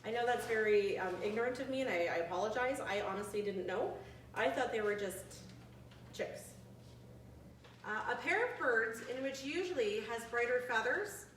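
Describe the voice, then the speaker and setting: A woman in her forties leading a bird trivia quiz for seniors, chatty and friendly, reading questions out slowly. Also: fairly high pitch, slight background noise. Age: 40s. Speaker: activity leader. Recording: echoey room, from a distant mic.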